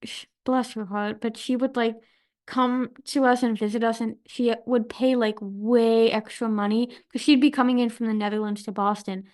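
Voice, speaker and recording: A woman's voice: fairly high pitch, steady tone, moderate pace, darkish tone. A woman hosting a podcast in casual chat, bubbly, laughing often and filling her talk with "like", recording from home. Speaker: podcast host. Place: home in Boston.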